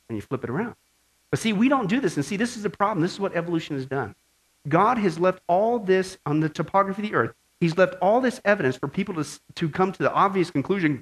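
High-voiced, lively male preacher. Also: fast, poor audio. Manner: animated, asks the audience questions. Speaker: preacher teaching a Bible study. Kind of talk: sermon.

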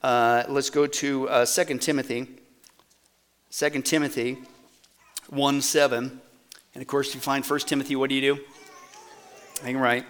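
A man preaching a sermon with lively energy, putting questions to the congregation and answering them himself. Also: medium pitch, a little slow, pauses often, clean tone. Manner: animated, asks the audience questions and answers them. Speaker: pastor.

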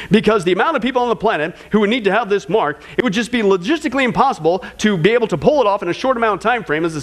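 A man teaching a sermon-style Bible study, speaking emphatically, calling listeners "folks" and piling up repeated phrases and rhetorical questions. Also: high-pitched.

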